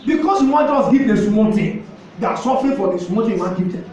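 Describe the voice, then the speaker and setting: A Nigerian-accented male pastor delivers an exhorting sermon in a very high voice, driving his points home by repeating phrases. The sound is very echoey, as if picked up in a big church hall from some distance away, with faint room ambience underneath. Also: lively intonation, fast, dark tone, a little hiss or hum.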